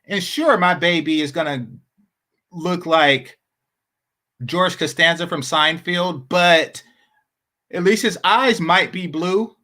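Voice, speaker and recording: A man's voice: fairly high pitch, takes it slowly, long pauses, sharp tone. A man hosting a commentary channel, talking casually and sarcastically, repeating his points for emphasis.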